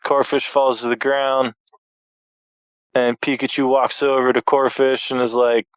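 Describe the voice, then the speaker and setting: A man's voice: medium pitch, flat delivery, unhurried, clear, resonant tone, dry recording. A man co-hosting a podcast, retelling a cartoon battle with crude jokes. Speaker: podcast co-host. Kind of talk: casual episode recap. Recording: dull, dry lo-fi mic.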